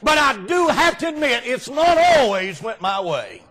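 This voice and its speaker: A man preaching a folksy revival sermon as a guest preacher, often breaking into shouts. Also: very high voice, very animated, measured pace. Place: church sanctuary.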